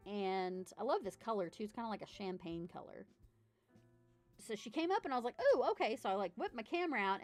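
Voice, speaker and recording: A woman, chatting casually while unboxing model horses, telling stories and getting loud and excited. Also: medium pitch. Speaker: model horse collector vlogger.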